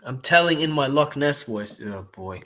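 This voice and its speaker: A man's voice: medium pitch, expressive, normal speed, sharp tone, a little hiss or hum. A young man giving casual, rambling live-stream commentary on boxing, blunt and swearing freely.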